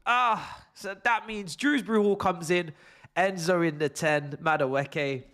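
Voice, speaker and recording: A man hosting a football fan stream, with a high-pitched, bright voice. He talks in a theatrical, exasperated way, drops from low muttering into shouted outbursts and laughter, and swears freely. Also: measured pace. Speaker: host of a football watch-along stream. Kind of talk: live fan reaction stream.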